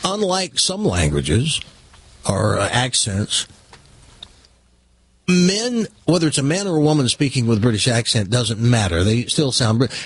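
An older man hosting talk radio with a slightly husky voice. His pitch swings widely as he rambles, restarts and chats in an animated way. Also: a little slow. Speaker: radio talk show host. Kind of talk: casual on-air chat.

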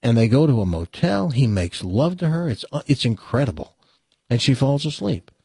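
Radio host, male, husky and breathy, dry close studio mic, folksy joke teller. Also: medium pitch, big pitch swings, normal speed, mellow, no room sound. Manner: folksy storyteller, acts out quotes. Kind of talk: casual radio talk and joke telling.

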